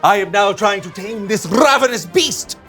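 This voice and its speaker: A man hams it up as co-host of a kids' comedy skit, his pitch swinging up and down. He plays every line big and overdramatic, like a showman on stage. Soft music sits faintly behind him. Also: animated, moderate pace. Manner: showy, overdramatic showman delivery.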